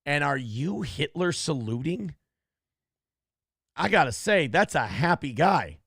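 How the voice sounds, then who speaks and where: A man's voice: fairly high pitch, sing-song, takes it slowly, creaky, a bit bright, breathy edge. A man hosting a morning show, riffing on a news clip in a crude, profane, mocking rant. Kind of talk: comedic commentary on a news clip.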